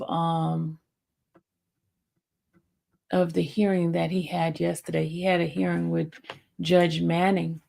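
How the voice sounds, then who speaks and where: A woman hosting a casual livestream, talking haltingly with many fillers and restarts. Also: fairly low pitch, vocal fry. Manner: gushing and excited when greeting a viewer. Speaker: YouTube livestream host.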